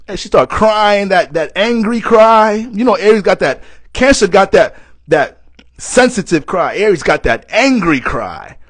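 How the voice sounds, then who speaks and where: A young man giving a casual astrology reading, animated and joking, swearing often, and tired from lack of sleep. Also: sits high, unhurried, no echo. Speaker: astrology reader.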